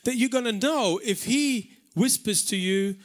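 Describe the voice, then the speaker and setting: Speaking a little slowly in a high voice, a Maltese pastor gives a live sermon in a church hall, earnest and emphatic, leaning on repetition for stress.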